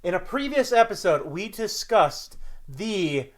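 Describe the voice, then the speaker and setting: A man from Canada co-hosting a podcast in casual chat, excitable and prone to jokey exaggeration. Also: high voice, unhurried. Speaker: podcast co-host.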